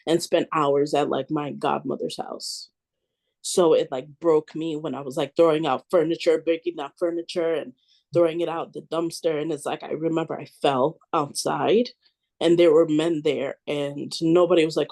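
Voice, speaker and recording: A woman's voice: sits low, steady tone, normal speed, darkish tone. A woman in a study group telling a painful personal story, reflective and full of "like" fillers. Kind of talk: emotional personal sharing.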